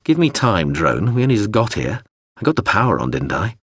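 A male audiobook narrator voicing an impatient, gruff man who speaks in a curt, clipped way. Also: lowish voice, sing-song, brisk, a bit bright, no room sound, studio quality, full character voice. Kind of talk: audiobook character voice.

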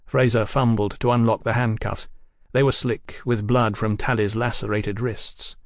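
A man narrating an audiobook in an expressive storytelling manner. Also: medium pitch, moderate pace, creaky, no echo, clean studio sound. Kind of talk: scripted narration.

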